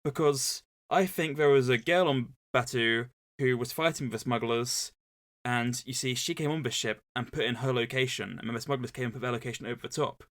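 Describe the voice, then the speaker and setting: A man voicing a young male hero who bluffs his captors in a halting, rambling way while retelling a story. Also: mid-range voice, a bit bright, lightly acted. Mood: bluffing. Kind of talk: casual retelling of a scene.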